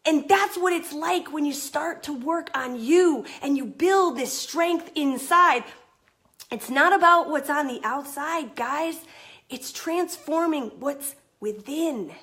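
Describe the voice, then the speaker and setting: A woman coach giving an energetic, emphatic motivational talk on a livestream. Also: sits high, slow. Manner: energetic, emphatic, swears then apologizes. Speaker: confidence coach.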